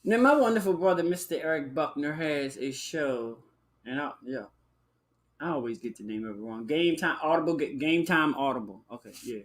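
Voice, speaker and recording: Man, slightly high voice, sassy flamboyant host, casual live-stream chat, honey-and-child talk. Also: moderate pace. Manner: bursts into high whooping exclamations. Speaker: livestream show host.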